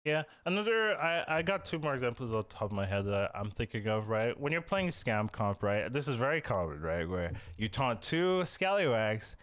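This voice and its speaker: A man's voice: mid-range voice, moderate pace, hardly any pauses, dry recording. Guy hosting a gaming podcast, voice jumps all over, dry close mic, lots of "right?". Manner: animated, lots of "you know" and "right?". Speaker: podcast host. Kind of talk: casual game-strategy podcast chat.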